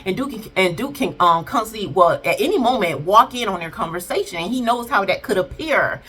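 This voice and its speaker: A woman's voice: medium pitch, a little fast, noisy background. A woman chatting casually through a recap of a TV episode, playfully acting out what she would say to the characters. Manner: animated, playfully voices the characters in asides. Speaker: TV series reviewer.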